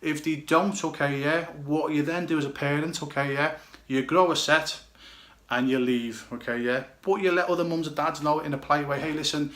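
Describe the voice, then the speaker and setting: A man's voice: a little high, fairly even intonation, normal speed, a bit bright, roomy sound. A blunt, emphatic man with a British accent, a goalkeeper coach giving direct advice and often checking "okay, yeah?". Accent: British English.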